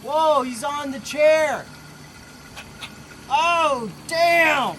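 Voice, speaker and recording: High-voiced hyped Canadian guy, slow talker. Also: lively intonation, a little hiss or hum. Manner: hyped, swearing, coaxing an animal. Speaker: vlogger. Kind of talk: excited casual vlog. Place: outdoors in a backyard.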